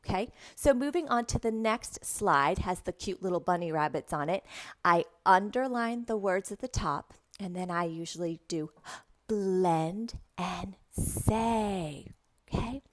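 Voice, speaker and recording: A woman who teaches English online, explaining how to present lesson slides and modeling words slowly and clearly for young learners. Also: on the low side, expressive. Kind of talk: instructional talk with classroom demonstrations.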